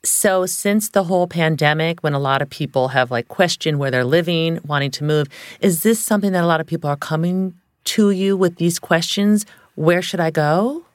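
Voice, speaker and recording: A woman's voice: lowish voice, dry recording. Enthusiastic podcast host woman, dry sound. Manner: enthusiastic, quick reactions. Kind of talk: casual podcast interview.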